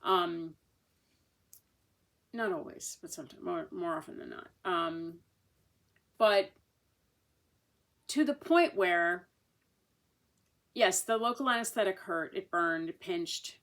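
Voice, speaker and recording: A woman's voice: lowish voice, lively intonation, slow pace, pauses often, fairly bright tone. A woman, casually telling a long personal story to camera in a chatty, rambling way. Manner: chatty, rambling with many restarts and fillers. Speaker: vlogger sharing a patient's experience.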